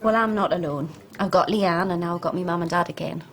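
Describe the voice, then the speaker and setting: An actress playing a lonely mother who asks gentle, probing questions. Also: on the low side, fast talker.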